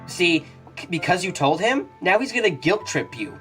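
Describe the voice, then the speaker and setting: A woman's voice: on the low side, big pitch swings, moderate pace, a bit bright, soft background music. A woman playing a visual novel on a let's play channel, reacting with outrage and nervous laughter while she reads along. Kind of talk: emotional game commentary.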